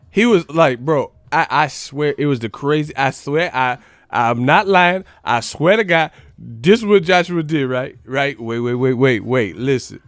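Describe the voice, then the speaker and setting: A man rants on a boxing live stream, swearing and mocking as he rambles along. His voice sits at a middle pitch. The sound is dry and close, with no room around it. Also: no echo. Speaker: boxing channel host. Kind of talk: casual live-stream rant.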